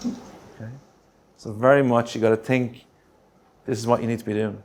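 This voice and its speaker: A man presenting a grant writing workshop, punchy and energetic, checking in with the room with quick rhetorical questions. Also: medium pitch, slight background noise. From Australia.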